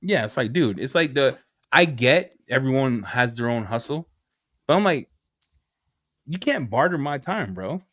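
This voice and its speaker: A man co-hosting a podcast in casual chat, telling stories with lively acted-out quotes. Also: mid-range voice, a little slow, long pauses, no echo, studio quality. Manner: animated storyteller, acts out quotes. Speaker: podcast co-host.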